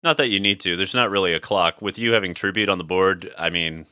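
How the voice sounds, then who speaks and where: A man with a low voice and a bright, forceful edge to it, talking through a card game match in loose, chatty banter. He reasons aloud, laughs often and keeps it relaxed. The sound is dry and close. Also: brisk, clean tone, dry recording. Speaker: streamer playing a card game. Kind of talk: casual gaming chat.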